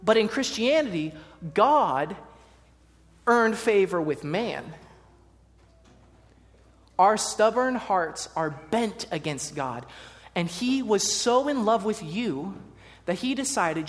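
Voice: medium pitch, expressive, slow pace, pauses often. A preacher giving a sermon, reading scripture and talking to the congregation in a conversational way with playful asides. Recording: long hall reverb.

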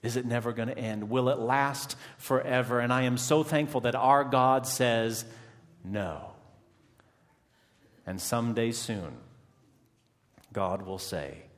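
A male preacher delivering an unhurried, dramatic sermon. He lets his voice fall almost to a murmur before climbing back into fervent emphasis. The sound rings with the long reverb of a large church sanctuary. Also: medium pitch. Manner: dramatic, swings from hushed to impassioned.

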